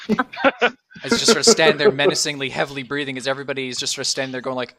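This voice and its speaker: A man's voice: medium pitch, quick pace, crowd noise. A man narrating a tabletop game as dungeon master, rambling with many fillers and bursts of laughter.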